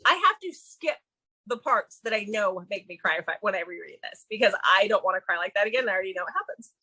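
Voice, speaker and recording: Bright, gushing woman book reviewer. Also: medium pitch, lively intonation, fast, husky, poor audio. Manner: chatty and gushing, with many restarts. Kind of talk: casual chat about books.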